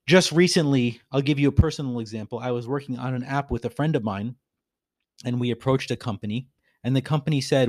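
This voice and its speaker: A man's voice: mid-range voice, fairly quick, darkish tone, no echo, studio quality. A man hosting a reflective business talk, speaking earnestly and repeating phrases for emphasis. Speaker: podcast host.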